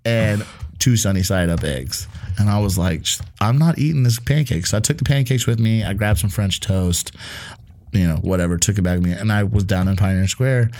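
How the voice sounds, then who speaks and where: A man's voice: low voice, normal speed, darkish tone. A man co-hosting a casual chat show, telling rambling, profane stories and acting out what people said. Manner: rambling, profane, laughs through stories, acts out quotes. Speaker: podcast co-host.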